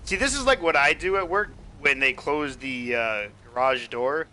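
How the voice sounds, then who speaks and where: Bright-voiced joking male streamer. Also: a little high, expressive, moderate pace, slight background noise. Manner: joking, rambling, laughs at the game. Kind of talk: casual gameplay commentary.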